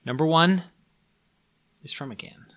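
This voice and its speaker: A man co-hosting a casual food-tasting podcast, talking in a rambling, animated way and swearing now and then. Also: a little high, a little slow. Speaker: podcast co-host. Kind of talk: casual chat.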